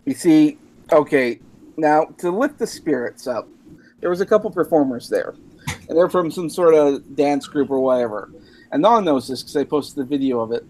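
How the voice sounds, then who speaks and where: A man's voice: on the high side, animated, moderate pace, a little mellow. A drunk Canadian man rambling through a profane story on a casual podcast, laughing at himself as he goes. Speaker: podcast host.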